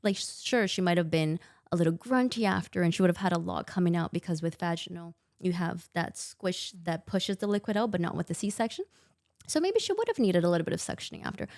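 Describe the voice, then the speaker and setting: A young woman with a lowish, gravelly voice recounts her experience as a podcast guest. She is a maternity nurse who talks candidly and with emphasis, slipping into quoted dialogue. The sound is close and dry. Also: lively intonation, a little fast, darkish tone, no echo. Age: young adult. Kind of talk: candid conversational storytelling.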